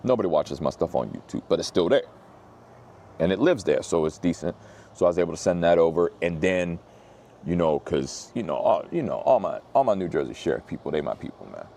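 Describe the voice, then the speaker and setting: A man preaching in a relaxed, slang-heavy, storytelling way, getting lively when he retells conversations. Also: low voice, a little fast, gravelly, a little hiss or hum. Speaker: pastor. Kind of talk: casual sermon storytelling.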